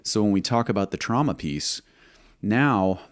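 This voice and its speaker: A man who served as a military pilot, telling a combat story in an interview, measured and halting, acting out quoted dialogue. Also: on the low side, animated, dry recording, clean studio sound.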